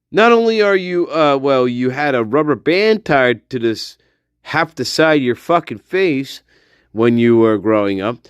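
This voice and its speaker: A man's voice: high-pitched, clean tone, no room sound, clean studio sound. A man hosting a livestream, giving crude, mocking commentary and laughing often. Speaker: livestream host.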